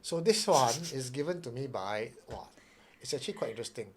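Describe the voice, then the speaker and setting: A relaxed man chats and jokes on a podcast, often laughing. He also reads news stories aloud at an easy, conversational pace. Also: medium pitch, fairly quick, a little hiss or hum. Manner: laid-back, jokey, laughs often. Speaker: podcast co-host. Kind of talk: casual chat and reading news aloud.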